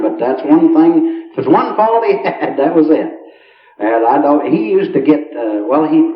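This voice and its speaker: A man telling folksy country jokes on stage, chuckling as he spins his yarns. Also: medium pitch. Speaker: country humorist. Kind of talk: stand-up storytelling. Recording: roomy, muffled late-1970s live recording.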